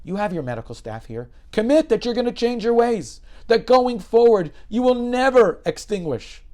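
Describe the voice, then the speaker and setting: A man voicing a grateful Hasidic man who urges a doctor with fervent insistence, pitched well above his own voice. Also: lively intonation, fast, a little mellow, lightly acted. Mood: fervent urging. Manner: pleading, insistent exhortation.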